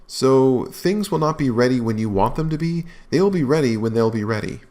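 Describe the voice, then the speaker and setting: A man's voice: medium pitch, lively intonation, a little fast, darkish tone. A man hosting a commentary video, talking in a mocking, sarcastic way. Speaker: commentary host.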